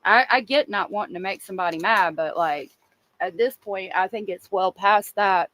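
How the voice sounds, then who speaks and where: Woman host, casual and emotional, speaks straight to her livestream chat at a medium pitch, recorded dry. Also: moderate pace, fairly bright tone, dry recording. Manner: chatty, emotional, talks to viewers in chat. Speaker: true crime livestream host.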